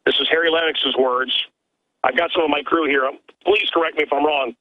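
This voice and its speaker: A man's voice: on the high side, steady tone, brisk, dry recording. A man who is a radio host calls in as a guest, talking emphatically from his own studio with stammering restarts. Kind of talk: animated call-in conversation. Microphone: telephone line. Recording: tinny phone line.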